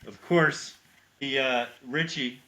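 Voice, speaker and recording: A man co-hosting a podcast, recapping a horror film in an animated storytelling manner and often checking for agreement. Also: mid-range voice, slight background noise. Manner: animated storytelling, quick asides seeking agreement. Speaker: podcast co-host.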